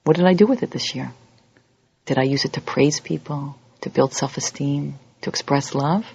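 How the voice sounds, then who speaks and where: A woman giving an animated lecture, acting out little scenes and quoted voices as she teaches. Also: moderate pace, vocal fry, breathy edge. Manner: animated, acts out quoted voices with big pitch jumps. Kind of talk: lively lecture. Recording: dull lo-fi audio recording.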